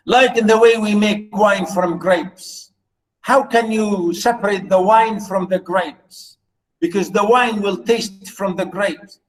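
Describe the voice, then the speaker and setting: Slow, high-voiced male literature lecturer. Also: low-quality recording. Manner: earnest, repeats and rephrases lines of verse; hesitant, many fillers and restarts.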